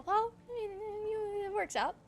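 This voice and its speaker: Young woman, game streamer, high-pitched, casual chat, frequent laughter, profane animated ranting. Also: a little slow. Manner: animated, laughing often, swearing, reading chat aloud. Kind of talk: casual gameplay commentary.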